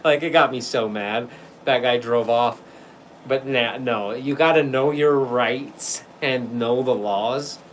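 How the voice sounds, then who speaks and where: A livestream host chats in a rambling, unscripted way, swearing freely and laughing a lot. His middle-pitched voice comes slowly over poor audio, with a faint air-conditioning hum underneath.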